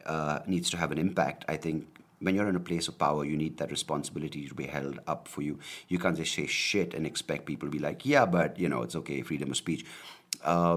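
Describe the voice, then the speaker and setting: A man from India, a comedian hosting his own podcast, talking casually in a rambling, joking, profane and self-deprecating way. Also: a bass voice. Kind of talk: casual solo podcast monologue.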